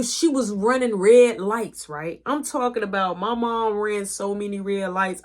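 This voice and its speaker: A woman casually telling a personal story in a lively, profane, animated way. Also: medium pitch, unhurried, few pauses.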